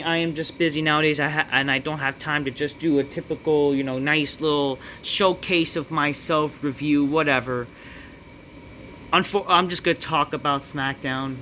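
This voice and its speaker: A man's voice: on the high side, pushed and bright, a little hiss or hum. A man ranting in a profane, dismissive way while reviewing a wrestling show.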